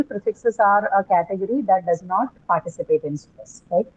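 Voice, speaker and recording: Woman, English teacher, classroom lecture, patient, explanatory, mellow, dull lo-fi sound. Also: mid-range voice. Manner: patient, explanatory, checks in with "right?". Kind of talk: classroom lecture on word stress.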